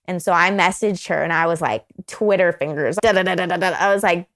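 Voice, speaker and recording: A young woman guest on a podcast, telling a personal story casually in an animated, rambling way, full of asides. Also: fairly low pitch, fairly quick, hardly any pauses.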